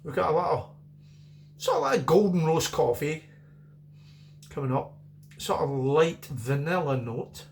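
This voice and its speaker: A man's voice: fairly high pitch, expressive, unhurried, creaky, pauses often, a little mellow, a little hiss or hum. Rambling Scottish man reviewing beer. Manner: rambling, chatty, repeats himself. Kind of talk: casual beer review vlog.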